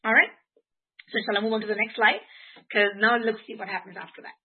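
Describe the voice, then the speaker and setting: A woman's voice: mid-range voice, fairly even intonation, a little fast, breathy edge. A woman teacher giving an online religious class with slides. She speaks in an earnest, heartfelt way and often checks in with her students. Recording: tinny phone-like audio.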